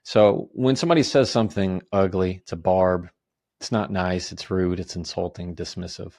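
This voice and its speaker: A man, an attorney and author, calmly explaining communication advice on a podcast in a measured, step-by-step way. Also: deep voice. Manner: calm, measured, lists steps and gives example phrases.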